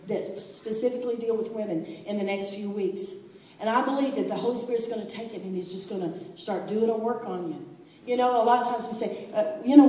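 A woman's voice: on the high side, warm tone. A woman preaching a sermon with fervent, emphatic delivery and casual, down-home phrasing. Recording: distant voice in a large echoing hall.

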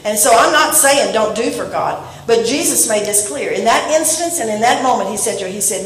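A woman preaching a sermon to her congregation, animated and asking them questions. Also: a little high, brisk, hardly any pauses. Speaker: pastor. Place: church sanctuary. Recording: echoey room, voice from a distance.

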